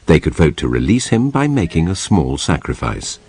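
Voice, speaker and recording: Deep-voiced documentary narrator. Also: male voice, big pitch swings, normal speed, a little mellow, slight background noise.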